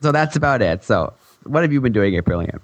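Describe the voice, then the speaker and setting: A man's voice: mid-range voice, animated, fast. A man co-hosting a gaming podcast in casual chat, rambling and giggly with lots of fillers, his voice a bit worn. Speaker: podcast co-host.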